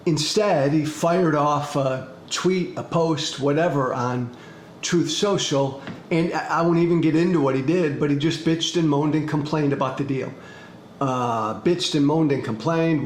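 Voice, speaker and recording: A male podcast host delivers a political monologue in a slightly high voice, drawing out each word slowly and driving his point home through repetition. His blunt, profane delivery carries a faint hiss and an echo from the room. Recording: echoey room with faint background noise.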